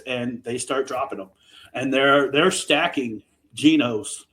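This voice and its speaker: A man hosting a podcast, recapping a book in a casual chat, animated and swearing freely. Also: medium pitch, takes it slowly, rough recording. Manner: animated, profane, full of restarts. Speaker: podcast host.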